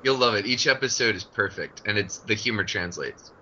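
Male podcast guest, sharp bright tone, enthusiastic rambler, dull recording. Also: on the low side, fairly quick, a little hiss or hum. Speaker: podcast guest, comic artist. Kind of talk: casual chat.

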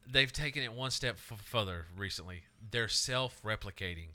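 A man's voice: lowish voice, moderate pace, sharp tone. A young man co-hosting a podcast, telling stories casually and swearing freely. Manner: storytelling, swearing, acts out quoted voices. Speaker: podcast co-host. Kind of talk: casual chat.

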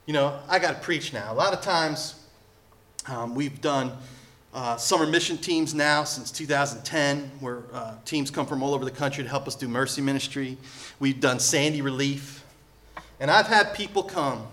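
A male pastor preaching a sermon in a bright, forward voice. He is animated and full of sarcastic asides, and he slips into other people's voices when he quotes them. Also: a little high, moderate pace.

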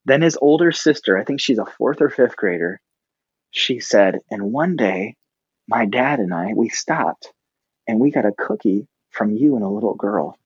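Husky-voiced man, animated pastor. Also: moderate pace, dry recording, dull audio. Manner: animated, breaks into high-pitched quoted reactions. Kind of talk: casual storytelling.

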